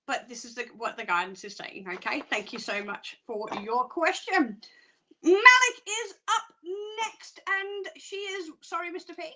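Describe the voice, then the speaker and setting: A woman psychic doing live card readings, chatty and excitable, laughing often. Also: sits high. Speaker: psychic reader.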